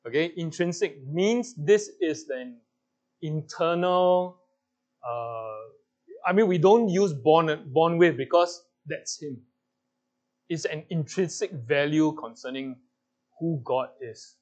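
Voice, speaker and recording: A man's voice: fairly high pitch, slow pace, darkish tone. A man with a Singaporean English accent leading a Bible class, playfully coaxing answers from the group and laughing often. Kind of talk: interactive Bible teaching.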